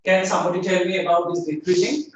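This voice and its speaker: A male lecturer with a slightly high voice teaches a class. He repeats key phrases and keeps asking whether everyone follows. He is recorded from far away in a very echoey room, with faint noise underneath. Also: steady tone, fast talker. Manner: repeats phrases, checks in with "is it okay? fine", frequent "I mean" and "uh". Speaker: university lecturer.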